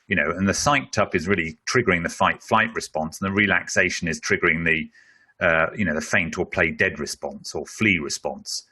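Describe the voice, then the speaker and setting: A middle-aged man speaking in a webinar, taking a question and working through the answer at a conversational pace. His voice is bright and a little husky, and it sits somewhat low. He leans on frequent fillers as he explains. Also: fairly quick. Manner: explanatory, conversational, with many "you know" fillers. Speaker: speaker on leadership.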